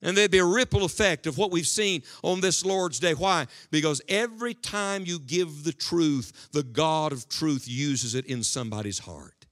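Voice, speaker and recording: A man preaching a sermon to a congregation, swinging between loud, forceful lines and hushed ones. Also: a little high, moderate pace, few pauses. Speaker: evangelist. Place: church hall before a congregation.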